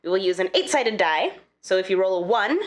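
Lively chatty woman podcast host. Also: medium pitch, fairly quick. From Idaho, USA. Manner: laughs often, chatty and upbeat. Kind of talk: casual chat.

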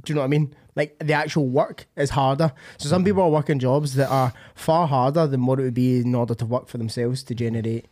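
A man's voice: medium pitch, fast talker, hardly any pauses, a little mellow. Casting: Scottish male podcast host, loose sweary banter, mid-range voice. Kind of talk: casual chat.

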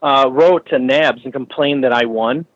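A man's voice: medium pitch, moderate pace, lo-fi sound. A custom bicycle frame builder, a man telling stories in a casual podcast interview, swearing freely and ranting heatedly.

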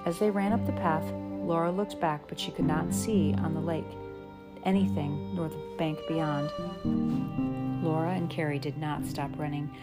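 A woman narrating a children's storybook in a slow, gentle, measured way. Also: low-pitched, fairly even intonation, over loud music. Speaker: audiobook narrator.

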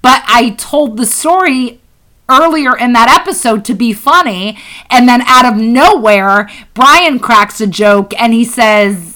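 A woman's voice: fairly high pitch, unhurried, sharp tone, rough recording. A woman co-hosting a podcast, telling stories in casual chat, laughing often and swearing freely. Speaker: podcast co-host.

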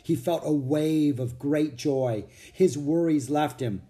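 A man reading a children's book aloud as audiobook narrator, with an expressive, animated storytelling manner. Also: on the high side, slow.

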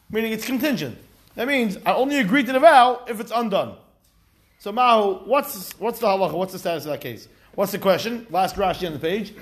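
A man teaching a lively study class, explaining step by step with rhetorical questions and acted-out quotes. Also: high-pitched. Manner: animated, asks rhetorical questions, acts out quotes. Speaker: Talmud teacher.

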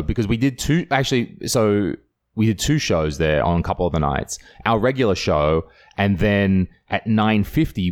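A low-voiced man with an Estonian accent talks casually on a comedy podcast. He swears freely and tells his stories with lively shouted impressions, loose and relaxed. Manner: swearing, animated storytelling with loud put-on shouts. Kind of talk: casual chat.

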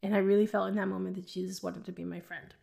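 A woman's voice: mid-range voice, flat delivery, fast talker, vocal fry, mellow, breathy edge. Joking woman. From New York City. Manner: rambling, joking, laughs often between phrases. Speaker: podcast host. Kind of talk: personal faith testimony, casual chat.

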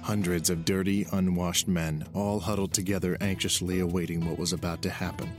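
A man with a very deep voice narrates a novel chapter in a steady storytelling manner. Clear music plays underneath him. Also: a little fast. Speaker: audiobook narrator. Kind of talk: scripted narration.

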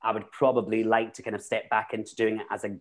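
A man's voice: lowish voice, level tone, fast. A Scottish man, a drag performer and actor, talking casually and rambling through stories with many restarts. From Scotland. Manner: chatty, rambling, with frequent restarts. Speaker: guest, drag queen and actor. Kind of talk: casual chat.

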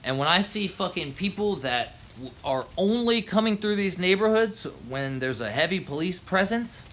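A man's voice: high-pitched, expressive, normal speed, a bit bright, a little hiss or hum. Angry swearing man ranting. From Baltimore, USA. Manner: heated, swearing, slangy. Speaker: local resident ranting. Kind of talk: angry profane rant.

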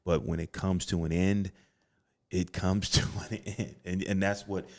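A man's voice: deep voice, little pitch movement, a little slow, creaky. A middle-aged man co-hosting a podcast in a studio, talking reflectively in casual chat and often restarting his sentences. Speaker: podcast co-host.

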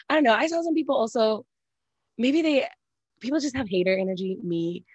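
A woman co-hosting a casual celebrity gossip chat, animated and full of "like", acting out quoted reactions. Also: fairly high pitch, brisk, husky, dry recording, muffled recording. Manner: animated, says "like" a lot, acts out quoted reactions. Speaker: podcast co-host.

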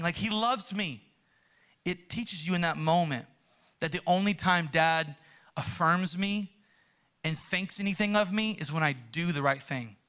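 A young male pastor with a high voice delivers an earnest sermon. He tells stories with animation and acts out little quotes along the way. His pace swings between slow, weighty phrases and quick bursts. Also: pushed and bright.

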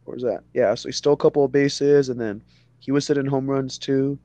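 Mid-pitched man, dry close sound. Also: steady tone, brisk, warm tone, dry recording. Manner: loose, conversational, lots of "you know". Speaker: podcast co-host. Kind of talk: casual sports podcast chat.

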